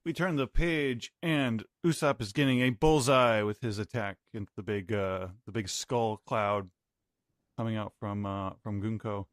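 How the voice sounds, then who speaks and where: A man on a podcast, recapping manga pages in a relaxed, hesitant way. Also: on the low side, unhurried, no room sound, studio quality. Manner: relaxed, hesitant with fillers while narrating. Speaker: podcast co-host. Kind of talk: casual chat recapping manga.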